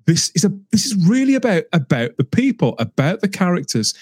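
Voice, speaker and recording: A man's voice: high voice, sing-song, a little fast, darkish tone, no echo. A man in a casual podcast discussion, talking with enthusiasm and frequent restarts. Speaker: podcast co-host.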